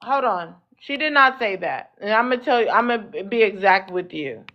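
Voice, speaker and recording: A woman's voice: mid-range voice, expressive, normal speed, dull audio. A woman hosting a live talk show panel who keeps cutting in and firmly tells others to hold on. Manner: bossy, cuts in, hold on repeatedly.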